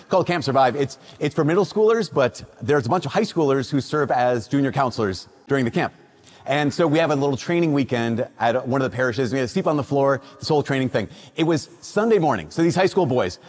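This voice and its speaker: A priest from Minnesota reading the Gospel at Mass and then giving a conversational, story-filled homily. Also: male voice, medium pitch. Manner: storytelling, conversational with lively asides. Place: church. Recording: church hall reverb.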